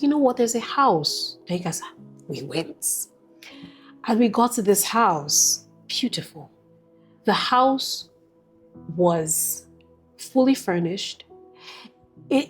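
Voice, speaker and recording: A woman sharing a personal faith testimony as a guest, telling it in an emphatic, lively way. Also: mid-range voice, breathy edge.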